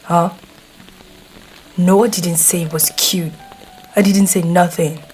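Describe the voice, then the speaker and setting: A brash, swearing teenage boy, voiced by a woman, talks straight to the listener in an audio role-play, his tsundere bluster slipping into fluster. The delivery is slow and drawn out, in a lowish voice. Faint music plays softly behind him. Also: steady tone, low-quality recording. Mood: grumpy. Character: gruff hot-tempered teenage boy classmate. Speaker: voice actor.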